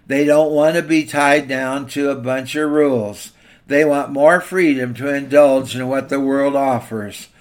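A man's voice: medium pitch, fairly even intonation, a little slow. A man preaching a sermon in an emphatic, exhorting way.

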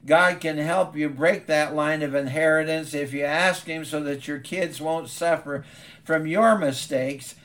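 A man's voice: a little high, fairly even intonation, a little slow, a bit bright. Earnest stammering male preacher. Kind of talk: sermon storytelling.

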